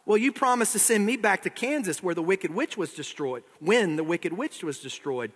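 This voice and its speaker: Earnest young girl a man putting on a higher voice, insistent, big echoey hall. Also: lively intonation, moderate pace, slightly rough. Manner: pleading, insistent.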